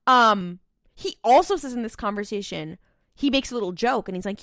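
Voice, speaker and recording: Animated young woman recapping a show. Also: medium pitch, a little fast, dry recording, clean studio sound. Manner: animated, recapping with playful voiced quotes. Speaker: podcast co-host. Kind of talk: casual rewatch podcast chat.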